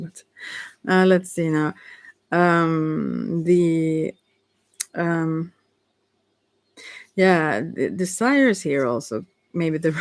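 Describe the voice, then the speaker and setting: A woman with a Swedish accent, a native Swedish speaker, casually reading and talking through oracle cards for viewers, halting with many fillers and soft laughs. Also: sits low, no echo. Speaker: oracle card reader.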